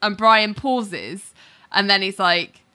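A woman co-hosting a casual podcast, retelling a TV episode in an animated way and acting out the characters' lines. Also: mid-range voice, takes it slowly. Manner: animated storytelling, acts out quotes. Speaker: podcast co-host recapping a TV episode. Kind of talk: casual chat.

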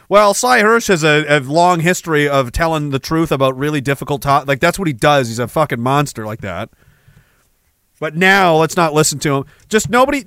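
Male podcast host, angry profane ranter, sarcastic, pitched high. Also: a bit bright, no room sound. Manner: sarcastic asides. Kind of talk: livestream rant reading chat messages.

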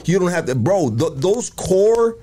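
A man's voice: high voice, sing-song, unhurried, mellow. A man hosting a casual interview, laid-back and calling his guest "bro" as he talks. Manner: laid-back, says "bro" often, trails off and restarts. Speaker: podcast host.

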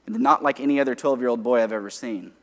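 A man preaching a sermon, teaching conversationally from Scripture and alternating rising emphasis with quiet asides. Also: medium pitch, fast talker, long reverb tail.

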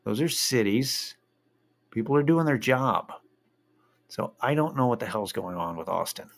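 A man's voice: mid-range voice, animated, unhurried, gravelly. A man telling a rambling story in a casual monologue, swearing freely and drifting into a rant.

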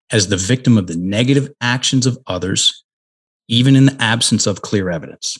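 Interview guest, middle-aged man, husky and a bit low, earnest and halting. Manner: earnest, with frequent restarts and emphatic pauses. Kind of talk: conversational interview storytelling.

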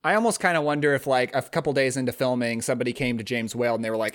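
A man's voice: mid-range voice, steady tone. Chatty, eager male podcast host. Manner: eager, chatty, quick to joke. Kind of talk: casual podcast chat.

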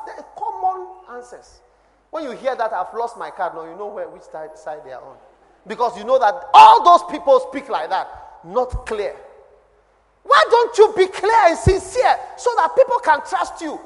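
A man with a Ghanaian accent preaching a sermon as a pastor, his voice dropping low and then swelling loud. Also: very animated, normal speed. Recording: long hall reverb.

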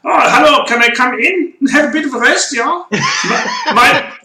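A man's voice: extremely high pitch, huge pitch swings, normal speed, far from the mic, voice pushed up, exaggerated voice. A man putting on a tired racing driver who politely asks over the radio for a rest. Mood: plaintive. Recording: echoey room with background noise.

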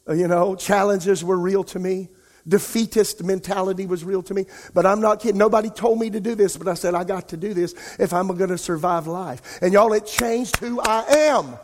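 A male pastor preaching an impassioned sermon, his voice rising and falling in loudness. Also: sits high. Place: church sanctuary. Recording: long reverb of a large church hall.

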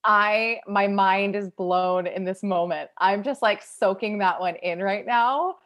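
A woman hosts a casual podcast conversation. She speaks in a heartfelt, emotive way and often restarts her sentences. Her voice sits at a middle pitch. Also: slow, a bit bright. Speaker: podcast host.

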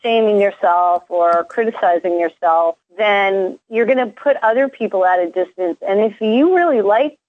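A woman's voice: medium pitch, moderate pace, few pauses, dry recording. A woman guest on a radio talk show, speaking earnestly and with enthusiasm in casual conversation. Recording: dull, dry, lo-fi line.

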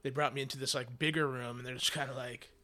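A man's voice: medium pitch, fairly even intonation, fast, bright, forceful tone, dry recording. A young man hosting a podcast, telling a long story casually, with lots of fillers and frequent swearing. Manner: rambling storyteller, swears often, many fillers. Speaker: podcast host. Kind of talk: casual chat.

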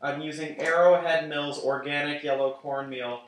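A man's voice: fairly high pitch, steady tone, moderate pace. A British man co-hosting a podcast, chatting and joking with a laugh while cooking. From Britain. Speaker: podcast co-host. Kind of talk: casual chat while cooking. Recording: echoey room.

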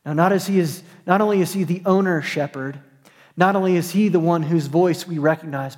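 A man's voice: on the high side, brisk, big-room sound. A man preaching a sermon as a pastor, earnest and emphatic, repeating and restarting his phrases.

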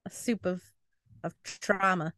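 Young female co-host, casual and jokey, quick laugh, dry recording. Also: lowish voice, steady tone, fairly bright tone, no echo. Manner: joking, playful, quick to laugh. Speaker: book podcast co-host. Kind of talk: casual chat.

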